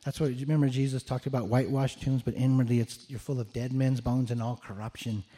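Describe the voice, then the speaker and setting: A male pastor preaching a sermon. His voice is mellow and low in brightness, with a medium pitch. He speaks earnestly and often repeats words as he restarts his thoughts. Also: level tone, quick pace.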